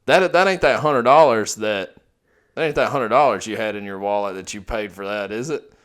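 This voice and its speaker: A man's voice: fairly low pitch, moderate pace, fairly bright tone. Laid-back man swapping stories. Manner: laid-back, profane anecdote telling. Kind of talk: casual storytelling chat.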